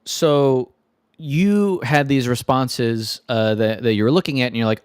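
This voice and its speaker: A man's voice: medium pitch, unhurried, clear, resonant tone, no echo. A man co-hosts a casual podcast chat, musing aloud in a thoughtful, rambling way. He fills his sentences with "like" as he works his ideas out. The sound is dry and close. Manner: thoughtful, rambling, many "like" fillers. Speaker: podcast co-host.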